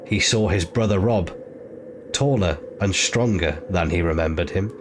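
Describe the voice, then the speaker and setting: A man reading an audiobook chapter in a measured, steady narration. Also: low-pitched. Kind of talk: scripted narration. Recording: noisy ambient background.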